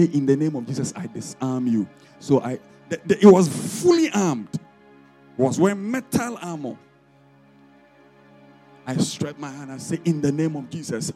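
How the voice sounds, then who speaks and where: A man preaching as an apostle, leading fiery deliverance prayer with commanding, repeated decrees. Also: mid-range voice. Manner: commanding, repetitive decrees, rising to shouts.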